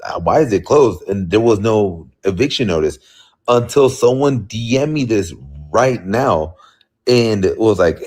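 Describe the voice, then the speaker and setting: A man talking in a casual vlog, animated and puzzled as he thinks aloud. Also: on the low side, unhurried. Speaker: vlogger.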